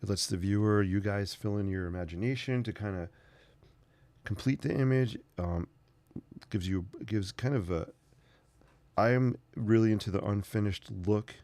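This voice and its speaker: A man's voice: on the low side, moderate pace, a little mellow, no echo. A man hosting a casual painting tutorial, rambling through chatty asides as he works. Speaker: sketching channel host.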